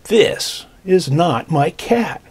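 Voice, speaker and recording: A man voicing a little boy who is searching for his lost cat, with slow, drawn-out lines. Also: on the high side, big pitch swings, vocal fry, a little mellow, slightly rough, full character voice. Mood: pleading.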